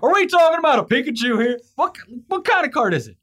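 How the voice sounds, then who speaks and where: A man's voice: very high voice, very animated, fast talker, a bit bright. A man co-hosting a casual news chat, rambling and laughing easily as he reads out stories. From California. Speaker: podcast co-host.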